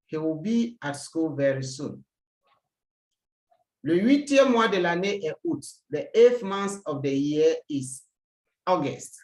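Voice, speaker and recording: A French teacher giving a recorded language lesson, slow and deliberate, repeating each example word. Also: mid-range voice, very animated, darkish tone, echoey room.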